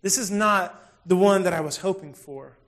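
Man, 30s, high-pitched, animated, self-deprecating preacher. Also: normal speed. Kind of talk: humorous storytelling sermon.

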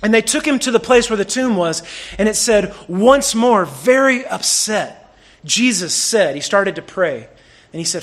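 A man preaching a sermon in a lively, conversational way, swinging between loud bursts and hushed lines. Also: high voice, measured pace. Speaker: pastor.

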